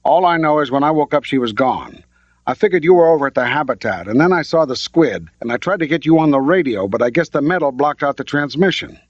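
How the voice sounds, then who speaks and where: A man voicing a calm, wry male mathematician in an audiobook. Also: a little high, fast, dry recording. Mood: explaining. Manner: dry and even, calming others down. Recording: dull lo-fi audiobook recording.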